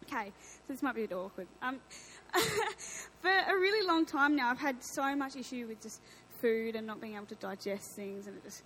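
A young woman with a high voice tells her testimony at a church service. She speaks emotionally and haltingly. Nervous laughs break up her phrases. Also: lively intonation, a bit bright, slight background noise, low-quality recording. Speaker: church member giving a testimony. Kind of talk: personal testimony.

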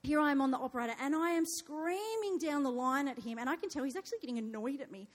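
High-voiced woman in a hall. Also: fast, few pauses. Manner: animated storyteller, acts out her own panicked screaming. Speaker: speaker sharing a testimony. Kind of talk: personal story told to an audience. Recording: long hall reverb.

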